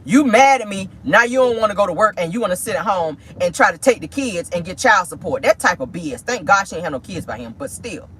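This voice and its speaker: Sassy, animated woman gossiping from a car. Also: on the low side, fast talker, few pauses, slight background noise. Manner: sassy, animated, slangy, laughing asides. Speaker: host. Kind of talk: casual celebrity gossip commentary. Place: in a vehicle.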